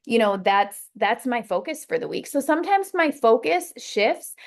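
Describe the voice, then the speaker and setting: Woman, team leader, casual coaching talk, chatty and rambling, fillers, slightly high voice. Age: adult with a child.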